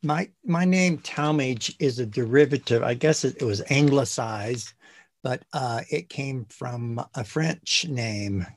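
A man's voice: medium pitch, slow pace. A man from Indiana, a guest on an interview podcast, easygoing and laughing as he tells anecdotes. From Indiana, US Midwest. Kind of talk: casual interview.

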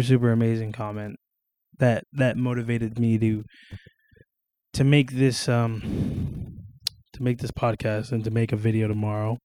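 A man's voice: medium pitch, mellow, clean tone, no room sound. A young man hosting his own casual podcast, rambling with lots of fillers, restarts and casual swearing. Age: young adult. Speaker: solo podcast host. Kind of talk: casual solo podcast monologue. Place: at home, on camera.

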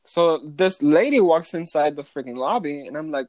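A young adult telling a story from night shifts at a hotel front desk, animated and swearing, with many "like" fillers and some Spanish phrases. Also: mid-range voice, moderate pace, hardly any pauses, no room sound. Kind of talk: casual storytime vlog.

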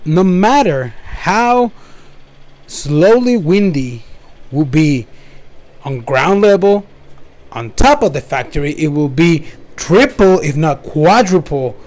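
A man's voice: on the high side, a little mellow. Young man telling a story. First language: Spanish. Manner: rambling with frequent restarts and asides. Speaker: storyteller recounting his work. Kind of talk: casual first-person storytelling.

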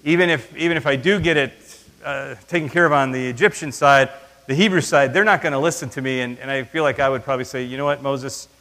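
A man preaching a sermon in an animated way, acting out the voices he quotes. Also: medium pitch, fast talker, in a large hall. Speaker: pastor.

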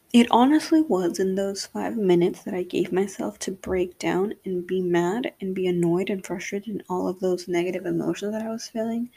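A woman's voice: medium pitch, creaky, warm tone, husky. A young adult woman hosting a solo podcast, talking candidly and rambling with lots of fillers. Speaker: podcast host. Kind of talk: casual solo podcast monologue.

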